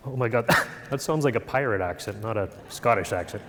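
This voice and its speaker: A middle-aged man giving a storytelling talk on stage, animated and self-deprecating. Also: a little high, brisk, creaky. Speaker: speaker. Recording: long hall reverb.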